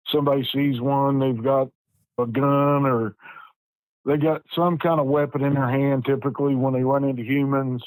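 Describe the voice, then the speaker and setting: A man's voice: mid-range voice, a little mellow, no echo, poor audio. Virginia guy in his 50s, folksy and plain, dry close mic. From West Virginia. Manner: plainspoken, folksy, halting pauses. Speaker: Bigfoot researcher guest. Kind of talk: personal storytelling.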